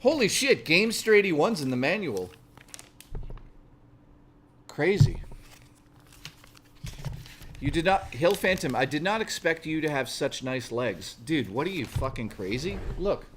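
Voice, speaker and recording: Fairly high in pitch with big swings, this livestream host speaks a little slowly and pauses often, with a slight hiss or hum in the audio. He chats into a desk mic as he builds a model, joking, rambling and swearing frequently.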